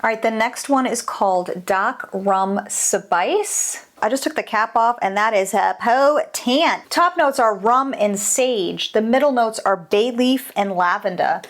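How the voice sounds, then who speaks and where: Excitable woman reviewing scents. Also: on the high side, a little slow, few pauses. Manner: enthusiastic, exclaiming often. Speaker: candle maker reviewing fragrance oils. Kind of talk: casual product review.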